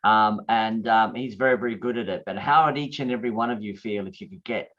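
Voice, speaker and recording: A man hosts a group call, talking casually and haltingly with fillers. His voice sits on the low side. The call audio is dull and lo-fi. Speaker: host of the call.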